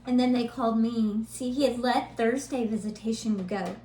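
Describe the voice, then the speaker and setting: A middle-aged woman co-hosting a podcast, telling a family story in a lively, animated way and laughing now and then. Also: fairly high pitch, moderate pace. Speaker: podcast co-host, mother. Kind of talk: casual storytelling chat. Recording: roomy echo, faint hum.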